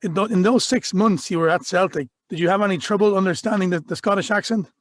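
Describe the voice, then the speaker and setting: A man's voice: high-pitched, fast, dry recording, studio quality. A man hosting a football podcast, asking upbeat, leading questions. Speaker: podcast host. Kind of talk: interview questions.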